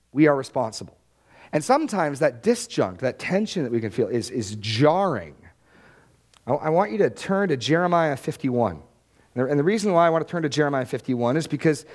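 A man preaching a sermon as pastor, emphatic, repeating phrases for stress. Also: a little high.

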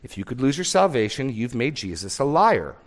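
A male pastor delivers a sermon at an average pitch, speaking emphatically as he works through verses. He leans hard on key words and repeats them for weight. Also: sing-song, fairly quick. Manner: emphatic, stresses words while reading scripture aloud.

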